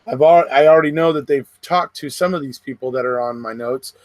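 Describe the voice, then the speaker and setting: A middle-aged man chats to his livestream viewers, rambling along and laughing between thoughts. His voice sits in an ordinary middle pitch. The sound is close and dry, with no room around it. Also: no room sound. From West Coast of the United States. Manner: rambling, chatty, quick laughs between remarks. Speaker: livestream host. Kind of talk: casual livestream chat.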